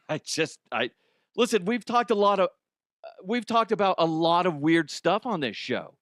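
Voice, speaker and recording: Animated jokey man hosting comedy news. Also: fairly high pitch, a little slow, dry recording, studio quality. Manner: animated, jokey, swears freely. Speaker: comedy news show host.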